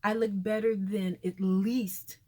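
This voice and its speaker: A woman in her fifties giving an indignant, animated commentary to her followers, sometimes dropping to a whisper for asides. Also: mid-range voice, slow pace. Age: 50s. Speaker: vlogger. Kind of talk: casual commentary monologue.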